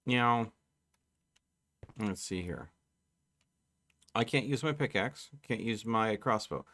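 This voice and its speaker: A man's voice: on the low side, animated, sharp tone. A man on a live game stream, chatting casually and thinking aloud as he plays. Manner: slow, thinking aloud while playing. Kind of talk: casual live gameplay chat.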